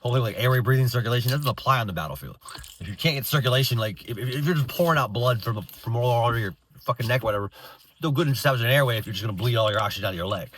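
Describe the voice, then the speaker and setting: Ranting with rapid-fire bitterness, this thirtysomething vlogger veteran swears, rambles, and keeps restarting in an unscripted outburst. The mid-range voice sounds a touch bright, with a faint hiss or hum in the background.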